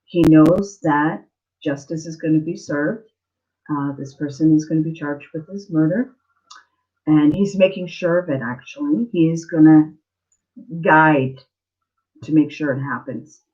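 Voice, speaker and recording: Woman doing a live psychic reading, halting and teary, says everything twice, kinda muffled stream audio. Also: deep voice. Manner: halting, repeats phrases, many fillers; tender, emotional. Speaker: psychic reader hosting a live Q&A.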